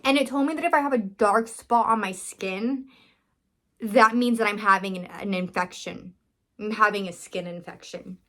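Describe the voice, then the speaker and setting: In a casual, heartfelt talk to camera, a young woman who vlogs and runs a business speaks earnestly and emotionally to her viewers. Her medium-pitched voice is fairly bright and moves at a normal speed, and she rambles, often restarting her thoughts.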